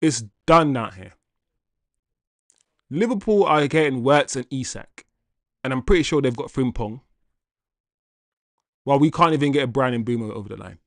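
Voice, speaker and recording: A man's voice: mid-range voice, expressive, moderate pace, long pauses, no room sound, studio quality. Exasperated man hosting a live stream. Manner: exasperated, talks to chat; reads viewer comments aloud. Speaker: livestream host. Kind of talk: live fan commentary.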